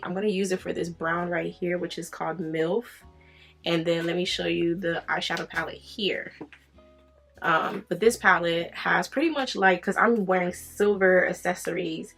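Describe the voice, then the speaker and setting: A woman's voice: fairly low pitch, vocal fry, fairly bright tone. A young woman beauty vlogger chatting casually while doing her makeup, acting out her own reactions in quoted lines and filling her talk with "you know" and "like". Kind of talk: chatty get-ready-with-me storytelling.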